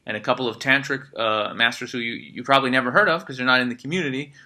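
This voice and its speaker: Male podcast host, casual and profane, very bright, edgy voice. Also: mid-range voice, racing. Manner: energetic, swears freely, lots of fillers.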